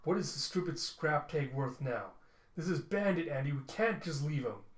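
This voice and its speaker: A man's voice: on the high side, animated, moderate pace, close to an everyday voice. A man voicing a stubborn young woman who insists and defies, in a roomy space. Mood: defiant. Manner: insistent, defiant. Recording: roomy echo.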